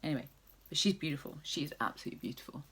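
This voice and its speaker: A woman's voice: deep voice, expressive, rapid-fire, fairly bright tone, husky. A woman vlogger chatting casually through a makeup tutorial, rambling with jokey asides.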